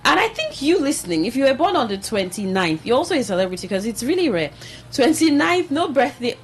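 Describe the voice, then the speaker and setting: A woman's voice: a little high, very animated, fast, faint music behind, low-quality recording. A woman hosting an entertainment segment in a radio studio, chatting and reading items aloud with asides. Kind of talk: casual studio chat.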